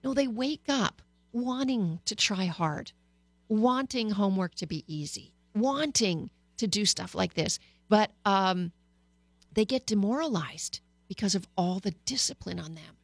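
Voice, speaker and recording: A woman's voice: medium pitch, animated, unhurried, no echo. Candid middle-aged woman radio host. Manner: candid, personal, with frequent hesitations. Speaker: radio talk show host and psychologist. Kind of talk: talk radio monologue. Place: radio studio.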